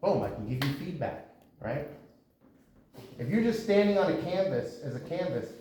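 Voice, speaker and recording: A man's voice: on the high side, very animated, normal speed, mellow, slight background noise. A man from Canada, a boxing coach giving his fighters a blunt talk about speaking up, in a gym. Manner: blunt, lecturing. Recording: echoey gym from far off.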